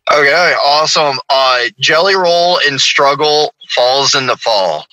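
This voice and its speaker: A man guesting on a podcast, talking in a laid-back, halting way. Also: a little high, expressive, pushed and bright, no room sound, poor audio. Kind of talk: casual podcast chat.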